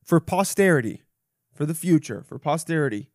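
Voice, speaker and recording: Rambling, profane young podcast host. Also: male voice, a little high, expressive, normal speed, a little mellow, no echo, studio quality. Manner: rambling, profane, self-mocking. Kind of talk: solo podcast monologue. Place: home.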